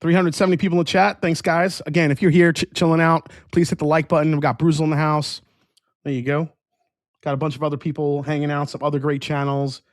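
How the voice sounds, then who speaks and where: A man's voice: a little high, level tone, brisk, no room sound. Easygoing man hosting a dry-sounding livestream. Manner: rambling, restarts often, reads chat aloud. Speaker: whiskey review livestream host. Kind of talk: casual livestream chat.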